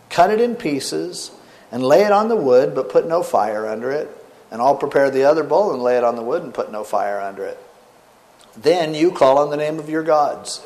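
A middle-aged man preaches to his congregation with a voice that sits a little high and swoops widely. He tells the scripture story with sarcasm and acts out its quotes. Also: darkish tone. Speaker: pastor. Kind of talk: sermon.

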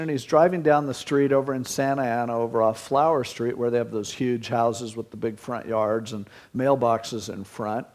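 A man's voice: medium pitch, a little mellow. An older man, a pastor, giving a sermon in a conversational, storytelling way with self-deprecating asides.

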